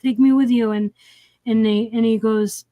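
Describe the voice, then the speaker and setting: A woman's voice: on the high side, fairly even intonation, moderate pace, no room sound, narrow, tinny audio. A woman co-hosting a film review stream, retelling the plot in a rambling, casual way full of fillers and restarts. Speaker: co-host of a movie review stream.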